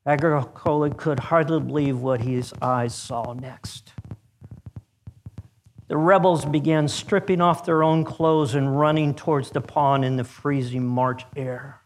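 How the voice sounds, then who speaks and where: A man narrating a story aloud in a measured, dramatic reading. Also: a little high.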